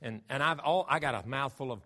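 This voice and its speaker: A man's voice: medium pitch, brisk, sharp tone. A man preaching a sermon, emphatic and full of rhetorical questions to his congregation. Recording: long hall reverb.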